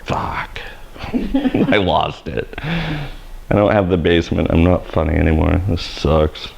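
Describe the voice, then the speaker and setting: Joking, gravelly-voiced hairstylist man. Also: sits low, a little slow, a little mellow, muffled recording. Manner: joking, self-deprecating, rambling. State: sweaty. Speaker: hairstylist host. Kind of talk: live haircutting tutorial chat. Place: hair salon education studio.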